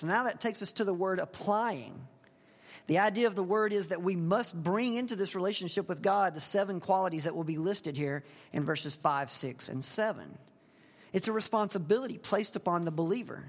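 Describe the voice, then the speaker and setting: Delivering an expository sermon, a male pastor talks to the pews in a plain, conversational way, asking the congregation questions. He speaks at normal speed in a high-pitched voice, and the church hall around him echoes with long reverb.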